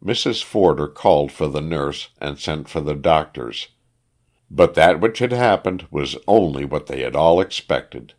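Deep-voiced guy reading a story aloud, slow, lots of rise and fall in his voice. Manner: expressive storytelling, unhurried. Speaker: narrator. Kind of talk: audiobook narration.

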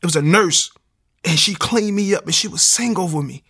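Gravelly man telling his story. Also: sits high, normal speed, a bit bright. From Baltimore, USA. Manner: storytelling with acted-out dialogue. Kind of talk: personal testimony.

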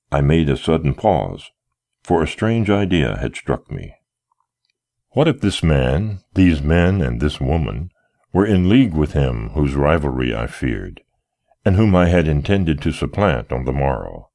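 A man narrating a period novel in the first person, expressive and rising to agitated pleading in the dialogue. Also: a bass voice, measured pace. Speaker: audiobook narrator.

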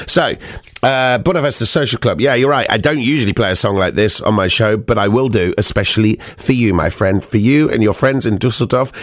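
A man's voice: fairly low pitch, a little fast, no echo, studio quality. A man hosting a radio show, reading out listener messages in a chatty, teasing way.

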